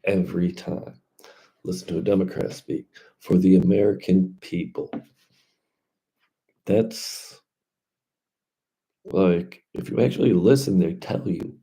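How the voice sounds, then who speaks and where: A man's voice: low-pitched, steady tone, takes it slowly, pauses often, warm tone. A man talking casually and loosely in slangy speech, drifting from point to point in a vlog monologue. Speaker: crypto vlogger.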